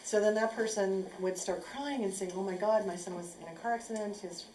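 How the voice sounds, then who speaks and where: A woman's voice: mid-range voice, fairly quick. Woman telling a story in an echoey room. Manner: animated, acts out quotes. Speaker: speaker sharing a personal story. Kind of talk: casual storytelling. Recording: echoey room with faint noise.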